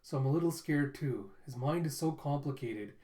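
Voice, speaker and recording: A man voicing an earnest, sincere little girl who speaks simply and haltingly. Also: medium pitch, dark tone, lightly acted. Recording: roomy echo.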